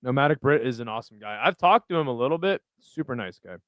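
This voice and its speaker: A young man hosts a casual live chat, rambling loosely with plenty of swearing. His voice is smooth and clean, set at an ordinary middle pitch. It sits dry and close, with no room around it. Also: lively intonation, fast, a bit bright, no room sound. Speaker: livestream host reading chat.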